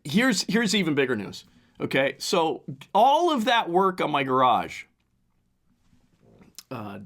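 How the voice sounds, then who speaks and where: A man of fifty hosts a casual solo podcast, his voice hoarse and cracking from the flu. He rambles with many restarts, speaking fairly high with a lively, swooping pitch. He talks into a desk mic at home. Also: slow pace. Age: 50s. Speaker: podcast host.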